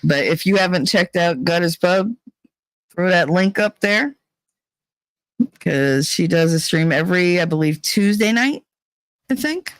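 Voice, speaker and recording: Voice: mid-range voice, expressive, unhurried, long pauses, no room sound, low-quality recording. A livestream host chatting casually and profanely with viewers, rambling, laughing and humming filler tunes between thoughts. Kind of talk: casual rambling chat to a live chat.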